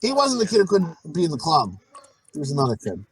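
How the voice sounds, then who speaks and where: A man co-hosting a podcast, riffing crude jokes in rapid banter and acting out quoted voices. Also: a little high, huge pitch swings, husky, poor audio. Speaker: podcast co-host.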